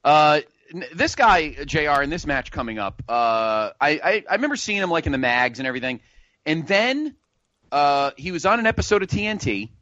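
A man hosting a casual podcast chat, animated and profane, quick to laugh. His voice is bright and swings widely in pitch. The recording is dry and a little dull. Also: no echo. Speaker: podcast host. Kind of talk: casual wrestling review chat.

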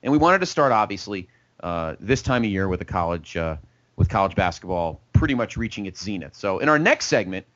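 A man hosts a sports talk show, chatting casually and rambling from topic to topic. His voice sits low but swings a lot in pitch. The recording is dry and a bit dull, lo-fi. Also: brisk, dry recording. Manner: rambling, lively, joking. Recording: dull, lo-fi podcast audio.

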